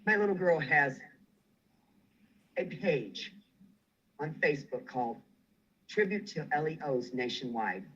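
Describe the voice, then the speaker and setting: A man's voice: fairly high pitch, lively intonation, measured pace, long pauses, fairly bright tone, highs cut off. A man furiously ranting on a livestream, swearing and making threats. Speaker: guest on a livestream. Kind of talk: angry livestream rant.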